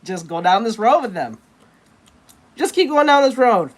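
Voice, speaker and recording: A woman's voice: mid-range voice, very animated, brisk, breathy edge. A woman artist chatting casually while she draws, rambling and blunt with plenty of swearing. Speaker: artist streamer. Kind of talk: casual chat while drawing.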